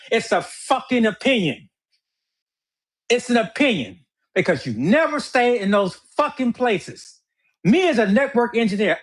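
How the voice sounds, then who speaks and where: A man hosting a livestreamed debate, arguing in a heated, profane and emphatic way. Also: on the high side.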